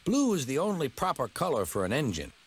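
A man's voice: lowish voice, big pitch swings, a little slow. A man voicing a cheeky, boastful young male tank engine in a storybook. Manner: boastful, teasing. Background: music.

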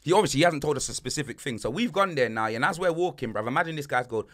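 Young podcast host, bright and lively, full of slang and put-on voices. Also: male voice, a little high, very fast. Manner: animated, slang-heavy, acts out voices in his stories. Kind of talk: casual storytelling chat.

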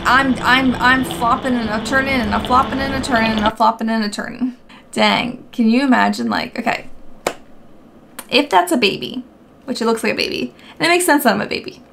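A woman's voice: on the high side, fairly quick, creaky. A woman giving let's play commentary, repeating short phrases over and over, swearing and exasperated, in a noisy recording. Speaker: gaming video host.

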